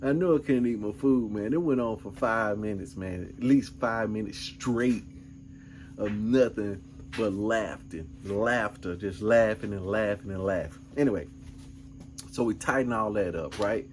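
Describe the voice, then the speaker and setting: A man's voice: on the low side, unhurried, slight background noise. A middle-aged man vlogging, telling a rambling, laid-back story full of asides. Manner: laid-back, rambling, peppered with "man" and "you know what I'm saying". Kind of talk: casual storytelling.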